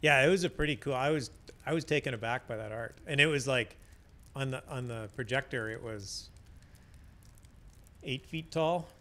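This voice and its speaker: A man's voice: mid-range voice, normal speed, pauses often, fairly bright tone. A man casually rambling and chatting while streaming a fantasy game, often restarting his sentences. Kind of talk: casual gameplay commentary.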